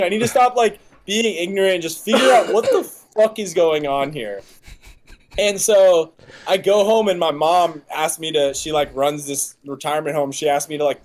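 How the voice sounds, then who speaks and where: A young man, a podcast guest, telling stories in casual chat, animated and swearing a lot. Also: a little high. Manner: animated, heavy swearing, laughing often.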